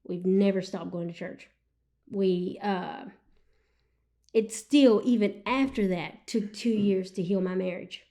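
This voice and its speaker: A woman, a podcast guest telling an emotional personal testimony in an earnest, animated way. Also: medium pitch, slow. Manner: earnest and animated, with frequent "you know what I'm saying". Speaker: guest sharing her testimony.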